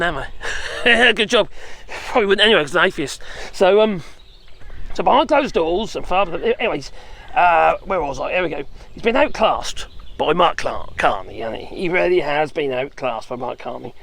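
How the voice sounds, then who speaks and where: A man's voice: a little high, creaky, fairly bright tone. A man giving a rambling, sarcastic opinion vlog, full of chuckles and tag questions. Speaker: political commentator.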